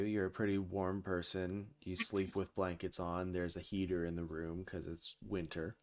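A man narrating a tabletop horror game as game master, in a slow, measured way. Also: low voice, fairly even intonation, darkish tone.

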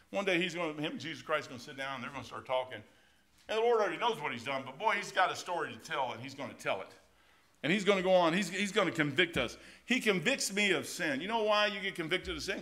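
A man's voice: fairly high pitch, fast talker. A middle-aged American man preaching an informal, folksy sermon as pastor, full of anecdotes and asides. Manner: folksy and animated, keeps saying "man", tells anecdotes. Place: church sanctuary.

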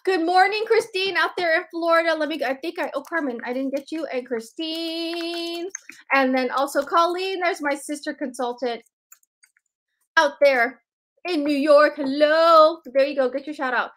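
A woman's voice: sits high, moderate pace, a bit bright. A woman hosting a live sales stream, greeting viewers by name in a bubbly, chatty way.

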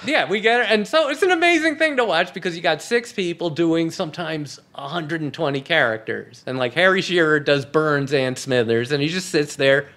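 A man's voice: fairly high pitch, animated, normal speed, hardly any pauses, fairly bright tone. A man, a comedy writer, telling anecdotes as a podcast guest in a wry, joking way and laughing at his own punchlines. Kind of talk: anecdotal storytelling.

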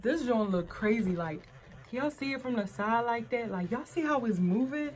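A young woman with a voice on the high side and lively intonation speaks at normal speed in a casual chat to camera. As a vlogger reviewing adult toys, she talks frankly and addresses her audience as y'all.

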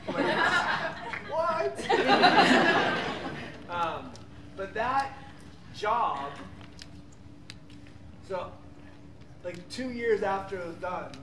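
A high-voiced, middle-aged man tells animated stories on a convention panel, laughing easily and rambling with fillers. His voice is picked up from a distance and bounces around a big, echoing hall. A steady noise runs underneath it. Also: extremely slow, pauses often.

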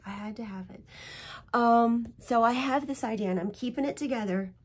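Hosting her own stitching vlog, a woman with a slightly high, breathy-edged voice talks at a normal speed. She rambles chattily and emotionally while presenting her projects at home in casual show-and-tell fashion.

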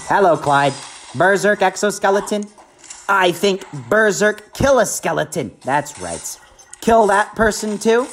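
An excitable woman narrates her own gameplay for viewers, her voice sitting on the lower side and swinging widely in pitch as she reacts. A faint hum of ambience sits under her talk. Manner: excitable, hyped, talks to viewers. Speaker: gaming YouTuber. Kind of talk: live gameplay commentary.

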